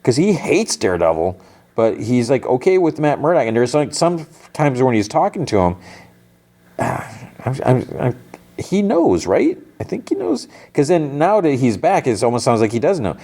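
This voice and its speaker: A man's voice: mid-range voice, mellow. A man hosting a podcast, casually recapping a TV episode and often restarting his sentences. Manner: rambling, often says "like" and restarts. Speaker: podcast host.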